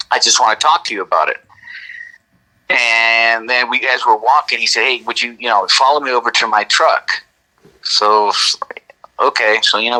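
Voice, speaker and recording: Bright-voiced man telling a story. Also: lowish voice, poor audio. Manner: rambling, self-correcting, frequent "right?" asides. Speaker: interview guest recounting an encounter. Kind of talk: casual storytelling.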